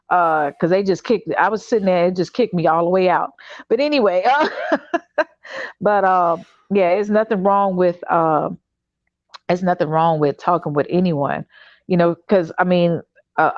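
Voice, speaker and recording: A fairly low-pitched woman from Chicago speaks into a home video-call setup, and the sound comes through a little muffled and lo-fi. She hosts a livestream talk show and tells a personal story in a loose, animated way, full of fillers and restarts. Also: no echo. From Chicago, United States. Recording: dull, slightly lo-fi dry stream audio.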